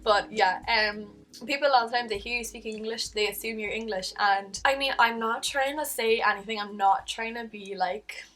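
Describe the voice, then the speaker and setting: A woman's voice: normal speed, few pauses, distant mic, soft background music. Chatty Cork Irish woman vlogging. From Ireland. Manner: chatty, animated, acts out quoted voices with jumps in pitch. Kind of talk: casual chat to camera.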